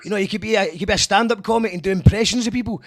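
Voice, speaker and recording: A man's voice: high-pitched, steady tone, very fast. A Scottish man hosting a casual interview, blunt and rambling with lots of restarts. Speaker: host.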